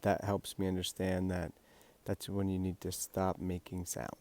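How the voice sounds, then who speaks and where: Guy with a really low voice going through a lesson slow and patient, step by step. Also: monotone, warm tone. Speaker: language teacher. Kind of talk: instructional explanation.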